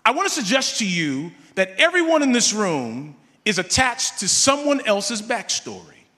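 A man preaching a sermon, telling a personal story with animated delivery and calling on the congregation. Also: high voice, normal speed, long reverb tail.

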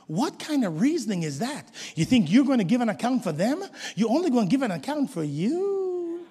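A man preaching a sermon as pastor, emphatic, swinging from shouted exhortations to hushed low asides. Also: slightly rough. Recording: long hall reverb.

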